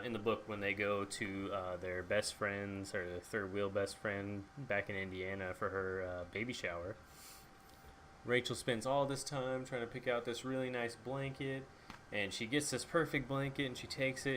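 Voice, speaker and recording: A man's voice: mid-range voice, fairly bright tone, slight background noise. A young man chatting casually about a book and its movie, swearing freely and acting out lines. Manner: acts out characters' lines in quick asides. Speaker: book reviewer.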